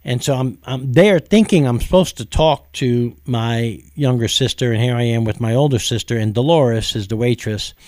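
A man's voice: mid-range voice, moderate pace, hardly any pauses, a little mellow, no room sound. Preacher guy telling his story, earnest, lots of uh's, dry mic, plain middle voice. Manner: earnest storytelling, frequent uh fillers. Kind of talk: testimony sermon.

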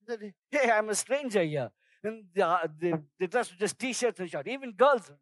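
Male pastor, high-pitched, sermon with lively personal anecdotes, dry recording. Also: moderate pace, no echo. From outside Singapore, first trip abroad. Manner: storytelling, animated shouts in anecdotes.

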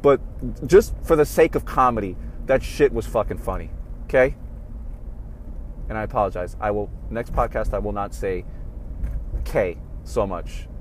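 Man, podcast host, casual swearing rant, swings from mumbling to loud outbursts, faint traffic behind. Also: fairly low pitch, normal speed, pauses often. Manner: swearing, heated, jumps between mumbled asides and loud outbursts.

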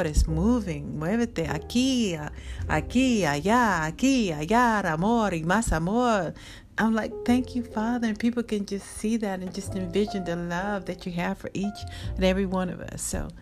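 A woman giving a devotional talk and a spoken prayer. She is soft and heartfelt, drifts into whispers and slips Spanish phrases in among her English. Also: on the low side. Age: adult. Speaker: devotional vlogger. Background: guitar music.

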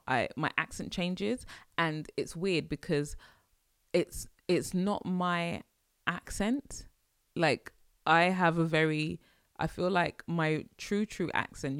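A woman's voice: low-pitched, smooth, no echo, studio quality. A woman hosting her podcast, talking in a chatty, rambling way and laughing often. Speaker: podcast host. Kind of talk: casual monologue.

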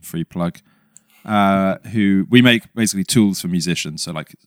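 A young man talks casually as a podcast guest, poking fun at himself and laughing easily. His voice sits low with a smooth, clean resonance. The sound is dry and close, with no room around it. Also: normal speed, dry recording. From England. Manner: self-deprecating, laughs often. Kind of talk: casual chat.

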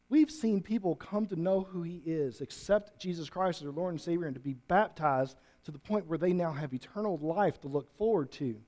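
High-voiced preaching man. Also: normal speed, few pauses. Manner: dynamic, rising to loud emphatic preaching. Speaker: pastor. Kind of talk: sermon. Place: church room with congregation.

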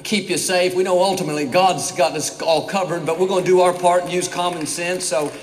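A man's voice: sits high, fairly even intonation, brisk, slight background noise. A man preaching a sermon to a large congregation, folksy and upbeat, rambling a little before he gets going. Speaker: pastor. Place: church in a former basketball arena. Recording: echoey arena reverb.

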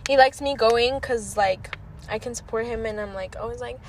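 A woman's voice: fairly high pitch, normal speed, a little hiss or hum. A young woman in a car chatting with a friend, swearing and drawling her complaints. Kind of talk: casual chat. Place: inside a car.

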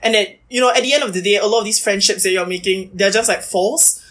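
Speaking quickly at a medium pitch, this young university debater is a guest on a podcast. Her casual interview talk is chatty and animated, crammed with "like" fillers.

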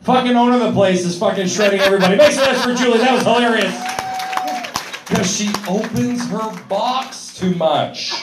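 A man's voice: sits high, moderate pace, reverberant, distant mic, over music. A man doing stand-up comedy in a club, working the crowd and telling a rowdy, profane story. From Canada.

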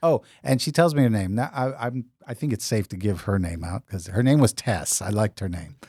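A man's voice: fairly low pitch, expressive, a little fast, darkish tone, breathy edge, dry recording, studio quality. A man co-hosting a podcast, telling a long rambling anecdote in casual chat and acting out the dialogue he quotes. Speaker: podcast co-host.

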